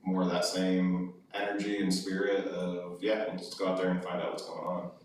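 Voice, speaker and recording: A man reporting to a city committee in a halting way with many fillers, at a public meeting. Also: low voice, completely flat delivery, noisy background. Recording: echoey room from far off.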